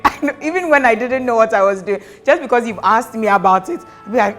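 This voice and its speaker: A woman from Ghana chatting casually as a mother sharing her experience, animated and acting out quotes with laughter, with light music behind. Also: on the high side, quick pace, few pauses. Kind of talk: casual chat.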